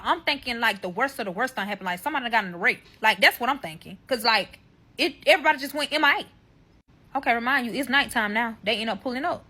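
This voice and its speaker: Bright-voiced woman telling a heated story. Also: fairly high pitch, brisk. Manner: animated, profane, heated storytelling. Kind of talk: casual story time.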